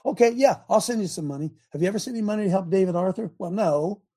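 A man's voice: high-pitched, quick pace, mellow. An older man preaching a sermon in a fiery way, firing rhetorical questions at his congregation.

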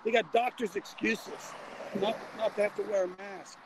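A man's voice: high voice, steady tone, moderate pace, noisy background. An older man hosting a casual call-in talk show, rambling and folksy with frequent restarts, talking from a vehicle.

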